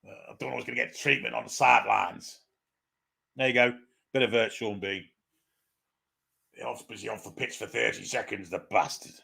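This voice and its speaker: A man's voice: on the low side, steady tone, moderate pace, gravelly, long pauses, pushed and bright. Irreverent man. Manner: irreverent, swears, reads out viewer comments. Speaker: fan commentator. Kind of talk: live fan match commentary.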